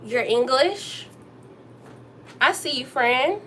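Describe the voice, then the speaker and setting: Young woman, bit high voice, chatty livestream host cooking in her kitchen, faint room noise. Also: animated, takes it slowly, pushed and bright. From Texas. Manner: chatty, talks straight to viewers, bursts up high to greet them. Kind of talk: casual livestream chat while cooking. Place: home kitchen.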